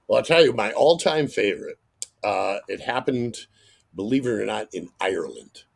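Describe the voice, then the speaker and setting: Excitable gravelly male radio veteran. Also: lowish voice, normal speed. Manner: excitable, breaks into loud acted-out exclamations. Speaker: radio host, guest. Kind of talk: animated anecdote telling.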